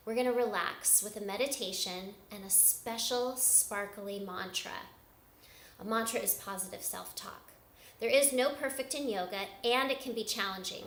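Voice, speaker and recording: A woman leading a yoga lesson for children, giving slow, gentle, sing-song instructions. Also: fairly high pitch. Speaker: kids yoga teacher. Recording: echoey room, voice from far off.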